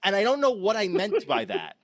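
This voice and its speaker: A man's voice: sits high, wildly swooping pitch, a little fast, no room sound. A man, a podcast co-host, chatting casually and telling a story with laughs. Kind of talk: casual chat.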